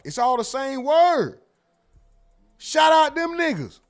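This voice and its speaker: A man hosting a livestream in casual chat, telling jokes and acting out exchanges with sudden loud outbursts, speaking. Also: very high voice, slow pace, faint music behind. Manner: animated joking storyteller, acts out exchanges with loud outbursts. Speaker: livestream host.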